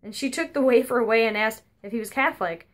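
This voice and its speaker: Speaking fast and on the high side, a grown woman tells wry, conversational stories about her grandmother while giving a eulogy at her funeral service.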